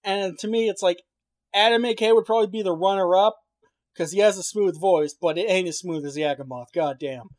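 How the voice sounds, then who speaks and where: A man's voice: sits high, brisk, dry recording. A man chatting casually as a podcast co-host, rambling and cursing with lots of fillers and restarts. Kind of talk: casual chat.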